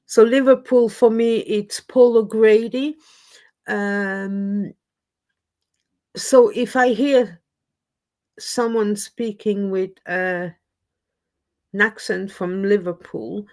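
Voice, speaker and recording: A woman's voice: mid-range voice, darkish tone. A woman hosting a casual live stream chat, rambling and self-deprecating as she talks. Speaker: livestream host. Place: lives in Scotland.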